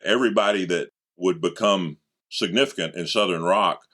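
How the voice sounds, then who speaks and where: A man's voice: low voice, normal speed, a bit bright. A man hosting an interview, asking enthusiastic, well-prepared questions. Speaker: interview host.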